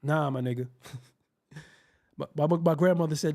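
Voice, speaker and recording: A man's voice: on the high side, normal speed, long pauses. A man hosting a show, telling profane comic stories and acting out the people in them, laughing as he goes. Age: adult. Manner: animated, acts out voices, laughs often. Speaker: show host. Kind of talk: profane comedic storytelling.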